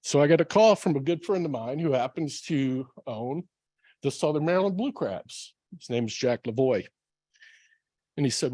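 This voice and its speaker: A man's voice: mid-range voice, animated, moderate pace, mellow, no room sound. A man in his forties, a baseball manager, giving an earnest, plain-spoken talk to a club audience, with many ums. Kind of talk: personal speech to a club audience.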